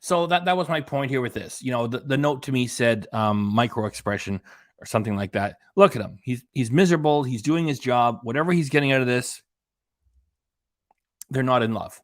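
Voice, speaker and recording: A man's voice: mid-range voice, brisk, no room sound, clean studio sound. A man hosting a reaction channel, giving sarcastic, rambling casual commentary.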